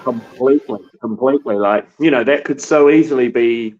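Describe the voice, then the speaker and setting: A man's voice: mid-range voice, normal speed, soft background music. Man on a dull lo-fi line. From New Zealand. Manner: relaxed storytelling with many restarts. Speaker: war correspondent. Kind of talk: casual remote interview.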